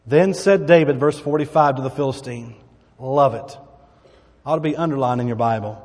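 A man's voice: mid-range voice, normal speed, darkish tone, in a large hall. A man preaching a sermon, reading Bible verses dramatically and adding asides to the congregation. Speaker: pastor.

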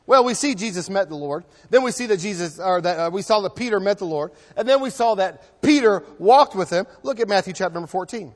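A man with a high voice preaches in a church. His delivery is emphatic, shifting between loud passages and hushed ones, with frequent repeated words. A long reverb trails each phrase. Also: animated, brisk, few pauses. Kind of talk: sermon.

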